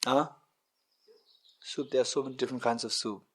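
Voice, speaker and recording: A man's voice: medium pitch, brisk, slightly rough. A middle-aged man, a Buddhist teacher giving a dharma talk to a retreat group, repeating his points and asking the audience questions. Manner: repetitive, questioning the audience, animated with gestures. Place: meditation centre hall.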